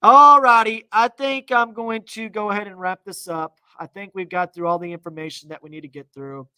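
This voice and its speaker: A man's voice: high-pitched, steady tone, a little fast, sharp tone, clean tone, no room sound. A man presenting a casual weather live stream, chatty and upbeat as he reads out viewer comments, sounding a little congested. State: slightly congested. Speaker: TV meteorologist.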